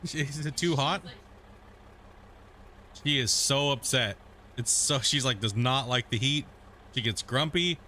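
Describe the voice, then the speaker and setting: A relaxed man talks casually into his desk mic while he streams a game from his home room. His voice is bright and clear, and he chats loosely and coos now and then at a cat on his desk. A faint hiss sits under the recording. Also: mid-range voice. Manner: laid-back, chatty, says dude a lot, coos at his cat. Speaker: gaming streamer. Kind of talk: casual live-stream chat. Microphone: desk mic at a gaming setup.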